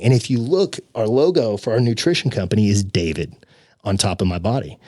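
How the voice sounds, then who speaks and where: A young man with a fairly low voice tells his story on a podcast. He is animated and voices the people in his tale. His voice sounds dry and close to the microphone. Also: fairly quick, no echo. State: tearful. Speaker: podcast guest. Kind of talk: emotional personal storytelling.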